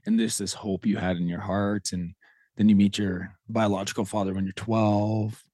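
A man's voice: lowish voice, level tone, normal speed, dark tone, no echo, clean studio sound. A man hosting a podcast interview, with an earnest, heartfelt and reflective manner. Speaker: podcast host, educator. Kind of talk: casual interview.

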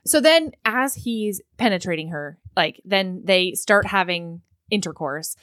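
A woman co-hosting a casual book chat, frank and animated, acting out scenes as she retells them. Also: fairly low pitch, a little slow, dry recording, studio quality.

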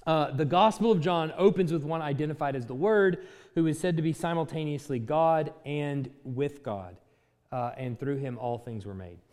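A man teaching a Bible class from slides, talking in a conversational way and thinking aloud with fillers and quick self-corrections. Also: fairly high pitch, darkish tone, long reverb tail.

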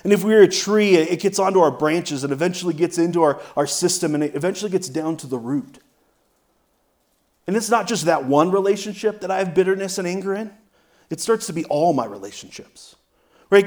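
A man, a pastor, preaching a conversational sermon, often asking "right?" and shifting his loudness for emphasis. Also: fairly high pitch.

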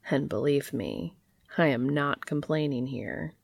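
A woman reading fan fiction aloud, voicing a playful, eager grown man in a hushed, hot whisper. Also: very deep voice, unhurried, gravelly, husky, dry recording, studio quality, exaggerated voice.

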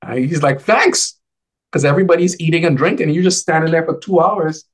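A man talking casually as a guest on a video call, an advisor who tells animated stories and acts out the dialogue in a lifted voice. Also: fairly high pitch, fast talker. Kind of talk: casual conversational storytelling.

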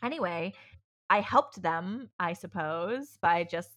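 Woman host, lowish bright voice, candid rambling storyteller with lots of fillers and a freely swearing tongue. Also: lively intonation, slow. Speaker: podcast host telling her birth story. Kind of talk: casual chat.

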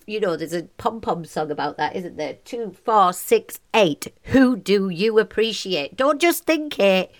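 A woman in her forties hosting a motivational podcast, talking in a bubbly, passionate way and laughing often. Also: fairly high pitch. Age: 40s. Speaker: podcast host. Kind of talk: upbeat motivational podcast monologue.

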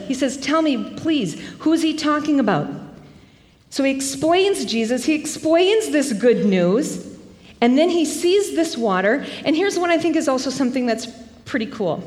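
Woman preacher, high voice, chatty and animated sermon, long reverb from a big hall. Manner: animated, conversational storytelling with self-deprecating asides.

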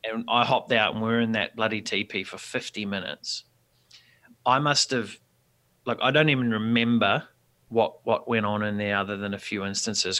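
Animated man telling a story. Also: fairly low pitch, moderate pace. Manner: rambling, animated storyteller with many restarts. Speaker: guest. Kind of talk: casual storytelling on a podcast.

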